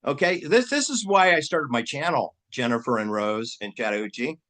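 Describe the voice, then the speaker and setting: A man rambling through casual commentary on his own channel. He talks in a mocking, animated way and keeps firing off rhetorical questions. His voice leaps up high for emphasis, then drops back to a middling pitch. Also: normal speed. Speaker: channel host.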